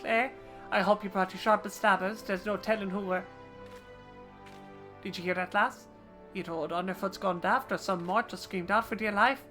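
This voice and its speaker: A woman's voice: medium pitch, fairly bright tone, natural voice. A wry male rogue full of old slang, cocky and knowing, as a woman reads him aloud. Faint game music plays behind him. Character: slangy roguish male thief, sly and wry.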